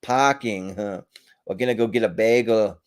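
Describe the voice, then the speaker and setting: A man's voice: on the low side, normal speed, lightly acted. A man faking a clumsy Boston guy accent. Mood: joking. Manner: exaggerated, goofy.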